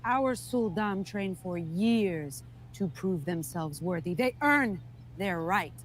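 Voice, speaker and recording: A woman's voice: on the low side, animated, takes it slowly, a little hiss or hum. A haughty, cold imperial noblewoman. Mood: disdainful. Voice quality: cold, lecturing and condescending. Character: haughty noblewoman of a conquering empire. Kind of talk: television drama dialogue.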